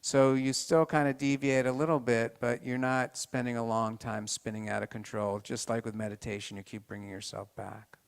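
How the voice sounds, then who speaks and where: A man giving an informal health talk to a live group, halting with many restarts and turning to the audience with questions. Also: medium pitch, level tone, clear, resonant tone.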